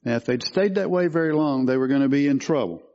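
A man preaches a sermon at a quick pace, his mid-range voice a little mellow and the recording muffled. He teaches through scripture and puts questions to the congregation.

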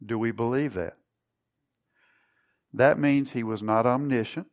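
A man's voice: medium pitch, measured pace. A man preaching a sermon, teaching and putting questions to his congregation. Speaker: pastor.

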